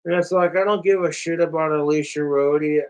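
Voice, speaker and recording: A man's voice: fairly high pitch, fairly even intonation, brisk, a little mellow, smooth, low-quality recording. A young man ranting profanely and rambling on a casual livestream, talking straight to his chat.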